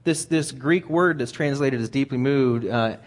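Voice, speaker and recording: A man's voice: medium pitch, a little slow. A man preaching a sermon in a conversational way, often repeating words as he thinks aloud.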